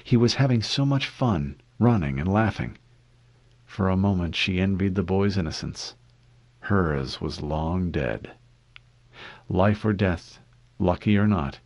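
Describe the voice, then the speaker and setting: A man reading a novel aloud as a narrator, expressive and steady. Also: unhurried, dry recording. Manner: expressive reading with lively pitch. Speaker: audiobook reader. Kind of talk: fan audiobook narration.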